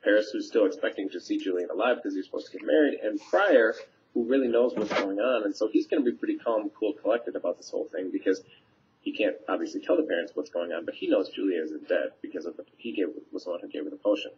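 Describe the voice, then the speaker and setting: A man's voice: on the low side, fast, darkish tone. Man casually retelling a play scene. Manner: conversational, paraphrasing lines with fillers. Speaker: teacher. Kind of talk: casual scene summary for students. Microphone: webcam mic. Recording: dull lo-fi webcam audio.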